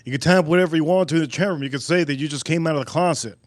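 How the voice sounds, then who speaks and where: A man's voice: on the high side, rapid-fire, no room sound. A man casually hosting a live stream, joking loosely and talking to viewers in the chat.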